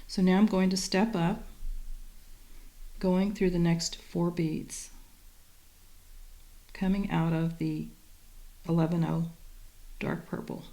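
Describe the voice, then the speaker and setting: A woman calmly guiding viewers step by step through a beading tutorial, describing each move as she works. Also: on the low side, takes it slowly, long pauses. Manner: calm, methodical, talks while working. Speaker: beading instructor.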